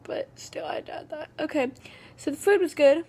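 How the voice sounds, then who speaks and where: High-pitched girl ranting on her vlog, rambly and fed up, keeps saying okay. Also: normal speed, creaky, mellow. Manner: rambling, exasperated, full of "okay" restarts. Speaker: vlogger. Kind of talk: casual storytelling rant.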